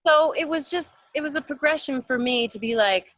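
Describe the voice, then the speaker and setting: A woman voice actor, a guest on a video call interview, telling stories in a lively way and acting out the voices she quotes. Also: high voice, a little fast, slight background noise. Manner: animated storyteller, acts out quoted voices. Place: home in a mountain town.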